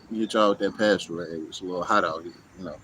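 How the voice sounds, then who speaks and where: A vlogger talks casually to camera outdoors in hot weather, blunt and profane, often saying "you know what I'm saying." His low, slightly bright voice comes rapid-fire, and the low-quality recording carries a little hiss or hum.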